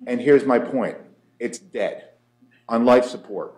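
A man's voice: medium pitch, slow pace, darkish tone. A man in his forties giving a conference lecture, wry and story-driven, often checking in with "right?". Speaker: conference speaker, war college lecturer. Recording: echoey lecture room.

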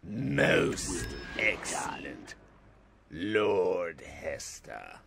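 A man voicing a sinister old male emperor in a fan role-play over gameplay, speaking in a drawn-out, commanding way. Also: extremely low pitch, expressive, gravelly, fairly bright tone, faint music behind, pitched below the performer's own voice, exaggerated voice. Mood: sinister approval.

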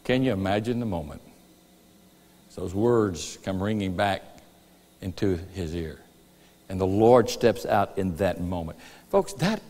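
A man preaching a sermon in a church, telling the story lively and acting out voices and rooster calls. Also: mid-range voice. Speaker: pastor. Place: church sanctuary. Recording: reverberant church hall.

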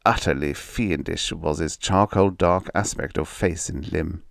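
A man with a very deep voice reading a story aloud as audiobook narration. His delivery is measured and dramatic. The sound is close and dry, with no room around it. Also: gravelly, no echo.

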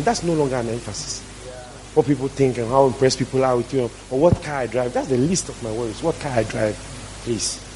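A man's voice: mid-range voice, animated, fast, a little mellow, a little hiss or hum, rough recording. A man preaching a sermon as pastor, emphatic and repeating his key phrases for stress.

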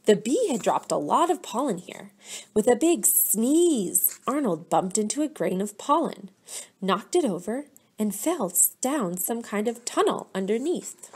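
A woman teacher reading a picture book aloud to children, gently stopping to ask them questions. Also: fairly high pitch, sing-song, breathy edge. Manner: slow, gentle, pauses to quiz children.

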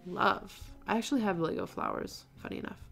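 A woman's voice: medium pitch, wildly swooping pitch, fairly quick, gravelly, fairly bright tone, soft background music. Chatty young woman hosting a knitting stream. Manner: chatty, effusive, lots of fillers like "um" and "like". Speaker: knitting livestream host. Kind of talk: casual livestream chat reading viewer posts.

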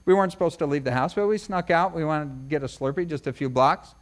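High-voiced middle-aged male pastor, chatty sermon. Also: fast. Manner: chatty, storytelling, many asides. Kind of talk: conversational sermon. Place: church service.

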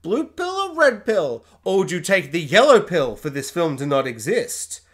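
A man's voice: high-pitched, big pitch swings, moderate pace, fairly bright tone. A man giving a casual, sarcastic spoken film review, exasperated and acting out scenes in silly voices. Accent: Australian.

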